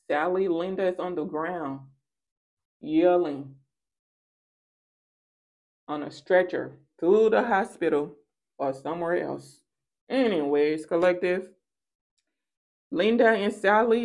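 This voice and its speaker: A woman's voice: fairly low pitch, darkish tone. Sassy, playful woman tarot reader. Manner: playful, sassy and theatrical, with singsong rhymes and acted-out quotes. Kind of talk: casual tarot reading to viewers.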